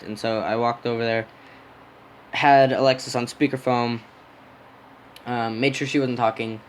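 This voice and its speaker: A rough recording with slight background noise catches a young podcast host in a mid-range voice. He meanders through a personal story, cutting himself off, yawning and smacking his lips along the way.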